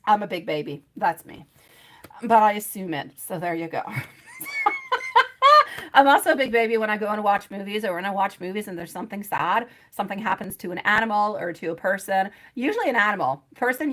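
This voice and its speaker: A woman hosts a live tarot stream, chatting loosely with her viewers. Her voice is bright and clear, sitting at an ordinary middle pitch. She rambles, laughs often and showers people with pet names like sweetie and my love. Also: a little fast. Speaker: tarot reader.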